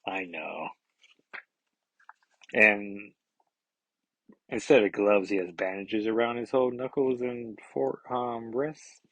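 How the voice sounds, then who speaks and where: A man's voice: medium pitch, little pitch movement, slow, fairly bright tone, no echo, muffled recording. A man reviewing a comic book in a casual, rambling way, reading panels aloud with chatty asides.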